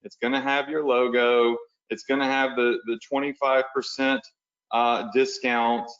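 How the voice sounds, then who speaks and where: Male online coach, casual webinar walkthrough, ordinary pitch, somewhat muffled lo-fi sound. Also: level tone, measured pace, a bit bright. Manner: casual, talks the viewers through steps while drawing on screen; conversational, uses "y'all" and "right?". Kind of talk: live webinar teaching. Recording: slightly dull lo-fi webinar audio.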